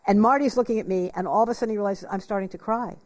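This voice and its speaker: A woman's voice: mid-range voice, rapid-fire, darkish tone. Earnest, emotional woman host. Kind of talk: interview conversation.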